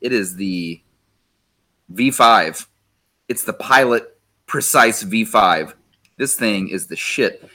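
A man's voice: lowish voice, expressive, takes it slowly, long pauses, pushed and bright. A man hosting a casual podcast chat, enthusiastically reading listener comments aloud and swearing casually. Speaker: podcast host.

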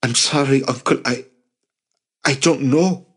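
Scared teen boy pleading, high anxious voice, a guy reading it out in an audiobook. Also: expressive, measured pace, husky. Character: frightened teenage boy pleading with his uncle.

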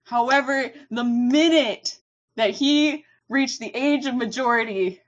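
A slightly high-voiced woman rants slowly and deliberately on a podcast, leaning hard on her profanity. The recording sounds a little dull and lo-fi. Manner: profane, emphatic, laughing through a rant. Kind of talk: casual podcast rant.

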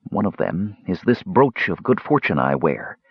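A man's voice: sits low, sing-song, normal speed, slightly rough, no room sound, highs cut off, exaggerated voice. A man voicing a uneasy, secretive noblewoman counselor in an audiobook, lifting his voice for her. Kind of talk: audiobook character reading.

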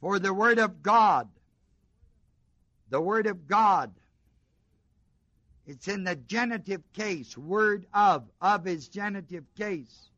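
A man's voice: sits high, takes it slowly, long pauses, bright, forceful tone, no room sound, highs cut off. A middle-aged man preaching a sermon, asking the congregation questions and driving points home with repetition. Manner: call-and-response questions to the congregation, emphatic repetition.

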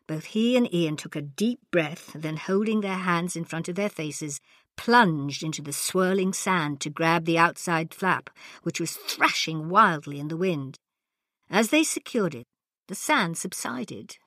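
A woman narrating a story in a dramatic, expressive reading. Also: sits low, moderate pace, no echo, clean studio sound. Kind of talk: scripted narration.

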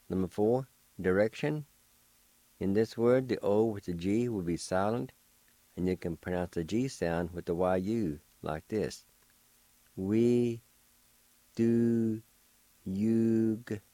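A man's voice: deep voice, mellow, no room sound. A man teaching words on the radio, spelling them out patiently letter by letter. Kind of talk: slow spelled-out language lesson.

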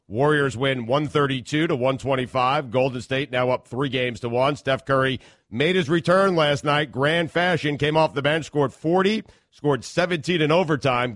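A man on a sports radio show, reading the sports update and chatting in a brisk, matter-of-fact way. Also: mid-range voice, a bit bright, no echo. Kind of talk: sports news update and casual chat. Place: radio studio.

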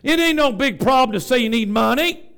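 A man's voice: extremely high pitch, expressive, a little fast, a bit bright, smooth. A man, a Pentecostal bishop, preaching a sermon to a congregation in a church, with a rhythmic, folksy style and questions thrown to the crowd.

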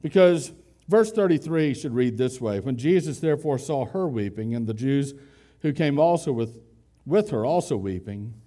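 A man preaching a conversational expository sermon, putting questions to his listeners and slowing down to stress key words. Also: mid-range voice, lively intonation, mellow. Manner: conversational, asks the congregation questions. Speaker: pastor.

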